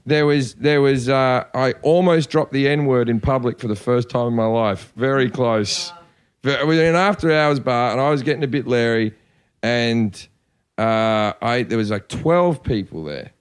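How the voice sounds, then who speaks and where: A man's voice: medium pitch, normal speed, clean tone. A man telling rambling, self-deprecating stories on a casual podcast, swearing freely. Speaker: podcast host. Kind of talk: casual storytelling chat.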